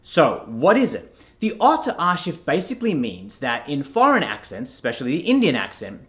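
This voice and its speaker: A man teaching a pronunciation lesson as an accent coach, clear and instructive, spelling out sounds letter by letter. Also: on the high side, huge pitch swings, normal speed, fairly bright tone.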